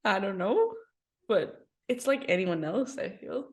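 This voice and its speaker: Twenties woman podcast co-host, relaxed, agrees a lot, mid voice. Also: medium pitch. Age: 20s. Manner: easygoing, agreeable, quick to laugh. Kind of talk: casual chat.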